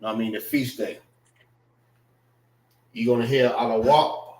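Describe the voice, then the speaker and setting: A man's voice: medium pitch, fairly even intonation, darkish tone, roomy sound. A man teaching a casual vocabulary class, repeating words and checking in with his listeners. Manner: slow, repetitive, checks in with listeners.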